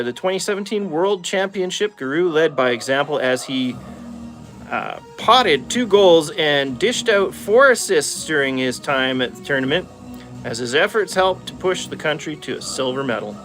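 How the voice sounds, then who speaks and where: A man from Calgary, Canada, with an Albertan Canadian accent chats casually with viewers while opening trading card packs, chuckling often in a laid-back way. His voice is on the high side and fairly bright, with lively intonation at normal speed, over soft background music.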